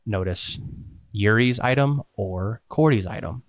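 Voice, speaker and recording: A man's voice: fairly low pitch, measured pace, creaky, no room sound, studio quality. A man narrating as game master in a casual, profane way.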